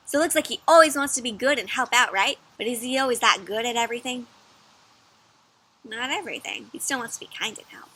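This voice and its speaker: A woman reading a picture book aloud to children in a teacherly way, pausing often to ask them questions. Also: a little high, lively intonation, pushed and bright, slight background noise. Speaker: children's story reader. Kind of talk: interactive read-aloud for kids.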